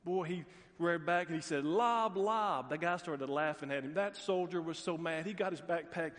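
A middle-aged male pastor delivers a sermon in a slightly higher voice than most men, acting out the people in his stories with folksy asides. His voice carries a long reverb from the large church hall around him. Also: a little fast. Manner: storytelling, animated quoted voices, folksy asides. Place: church sanctuary.

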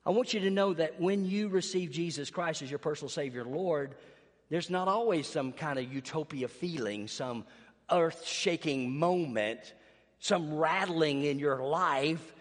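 A man preaching a sermon, telling a story and swinging from hushed tones to loud bursts. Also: a little high. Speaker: pastor. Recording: long hall reverb.

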